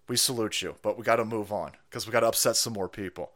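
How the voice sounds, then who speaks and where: A man's voice: lowish voice, lively intonation, quick pace, few pauses. A man hosting a livestream, ranting in a foul-mouthed, mocking way. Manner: loud, mocking, swings between mutters and yells. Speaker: livestream host. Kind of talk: foul-mouthed political rant.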